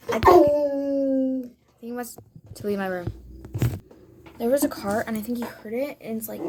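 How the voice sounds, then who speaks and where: A woman's voice: on the high side, heavy background noise. A woman chatting casually in her room for a storytime vlog, rambling with lots of fillers and now and then slipping into a whisper. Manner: rambling, filler-heavy, sometimes dropping to a whisper. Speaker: vlogger.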